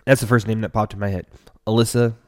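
A man's voice: on the low side, fairly even intonation, very fast, dry recording, clean studio sound. A man hosting a relationship podcast, giving earnest, casual advice straight to the listener.

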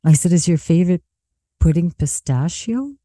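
Dark-voiced woman telling a personal story. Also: lowish voice, normal speed, no echo, clean studio sound. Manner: chatty, animated retelling that acts out quoted dialogue; frequent "like" fillers and small laughs. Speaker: psychic medium.

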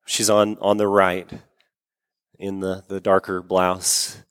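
A man's voice: deep voice, monotone, slow, fairly bright tone, clean tone. A man preaching a sermon, telling a story earnestly and repeating words for emphasis. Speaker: pastor. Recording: long reverb of a large hall.

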